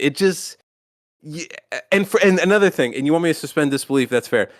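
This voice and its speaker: A man co-hosting a podcast, talking casually in a rambling, profane, animated way with lots of restarts. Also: fairly high pitch, brisk, no echo, clean studio sound. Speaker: podcast co-host.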